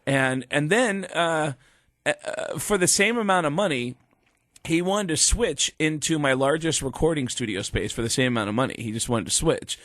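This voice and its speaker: A man who is a comedian guest on a podcast, telling lively anecdotes and acting out the voices of people he quotes. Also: a little high, normal speed, dry recording. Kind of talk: podcast storytelling. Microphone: studio microphone.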